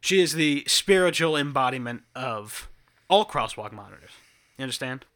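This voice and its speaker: A young man co-hosting a podcast, telling an animated story with lots of laughs and restarts. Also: medium pitch, normal speed. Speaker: podcast co-host. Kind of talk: casual chat. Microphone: headphones and studio mic.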